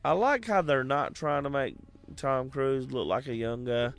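A man's voice: mid-range voice, measured pace, smooth. A man in casual movie chat, rambling and profane, slipping into goofy voices as he retells scenes.

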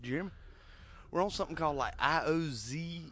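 A man's voice: a little high, quick pace, fairly bright tone. A young man hosting a casual podcast in a laid-back way, swearing now and then. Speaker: podcast host.

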